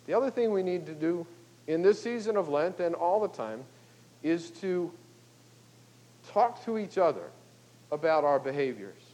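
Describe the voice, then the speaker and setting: An older male pastor delivers a sermon in a relaxed, conversational way, checking in with his listeners as he goes. His voice sits fairly high for a man. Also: moderate pace, pauses often, poor audio. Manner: conversational, folksy, with frequent "okay?" and "you know".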